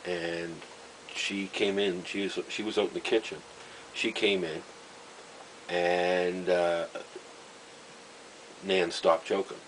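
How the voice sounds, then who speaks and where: A man, telling a personal story in a rambling, halting way, full of fillers and wry chuckles. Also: deep voice, level tone, fairly bright tone, slight background noise, poor audio. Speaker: vlogger. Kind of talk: casual storytelling monologue.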